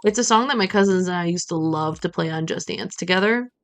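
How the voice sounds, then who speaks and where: A woman's voice: fairly low pitch, a little fast, smooth, dry recording. A woman streaming a farming game, chatting playfully and muttering to herself as she plays. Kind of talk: casual gameplay commentary.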